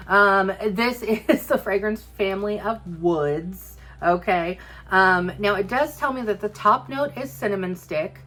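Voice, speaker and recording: A woman's voice: medium pitch, fairly bright tone. Bubbly woman chatting with viewers. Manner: bubbly, playful, talks to viewers directly with fillers and asides. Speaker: vlogger reviewing home fragrance. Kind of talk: casual chatty product review.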